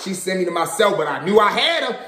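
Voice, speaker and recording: A young man from Baltimore with a Baltimore accent, casually telling a story in slangy, animated talk with swearing. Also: high voice, quick pace, reverberant, a little hiss or hum. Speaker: storyteller vlogger.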